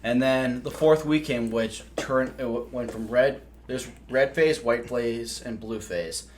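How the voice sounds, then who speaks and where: A man's voice: medium pitch, measured pace, slight background noise. Young man telling profane stories. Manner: animated profane storytelling. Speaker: podcast co-host. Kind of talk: casual chat.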